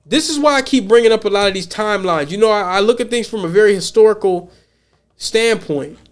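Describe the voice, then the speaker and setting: A man's voice: high-pitched, brisk. An American man hosting a podcast, talking casually in a blunt, profane way, often repeating words as he thinks. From United States. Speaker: podcast host.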